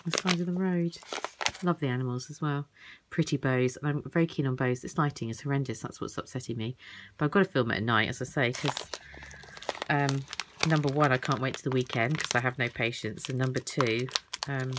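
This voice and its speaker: A woman's voice: a bass voice, fairly quick, background noise. A woman craft vlogger chatting casually while unboxing parcels at home at night, rambling with little asides. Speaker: works in a school with children.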